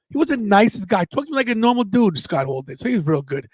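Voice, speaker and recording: A man in his fifties chats on a podcast in a fairly high voice. He tells stories with animation and slips into the voices of the people he quotes. The sound is dry and close. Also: racing, few pauses, dry recording. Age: 50s. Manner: animated storyteller quoting others in their voices. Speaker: podcast co-host. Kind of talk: casual storytelling chat.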